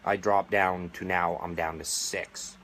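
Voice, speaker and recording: Speaking straight to camera, a middle-aged vaping advocate from the United States makes a sarcastic and indignant appeal. His voice is low-pitched with a fairly bright tone, over slight background noise.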